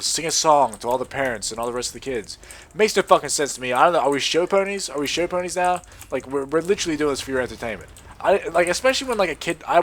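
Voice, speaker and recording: Young Australian male gamer, loose and sweary, rambling commentary with sudden yelps. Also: mid-range voice. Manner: rambling, sweary, animated outbursts. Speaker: gaming commentator. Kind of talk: casual gameplay commentary.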